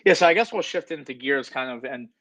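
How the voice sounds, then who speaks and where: A man hosting a casual sports chat, talking fast and animated about his team. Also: mid-range voice, dry recording. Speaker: podcast host. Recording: dull, lo-fi, dry sound.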